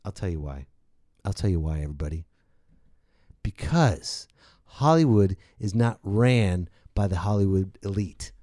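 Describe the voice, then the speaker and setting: A man's voice: sits low, animated, a little slow, dark tone, no echo, studio quality. A man hosting a comedy podcast, ranting with profanity and sarcasm. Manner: profane, sarcastic, switching into impressions. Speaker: podcast host. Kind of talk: comedic rant.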